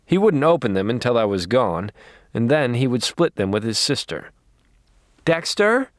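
A man narrating an audiobook in a dry, wry, deadpan manner. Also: mid-range voice, normal speed, no echo.

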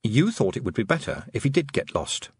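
A man narrating a storybook in an expressive, varied reading style. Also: mid-range voice, fairly quick, breathy edge, dry recording. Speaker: audiobook narrator. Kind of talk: scripted narration.

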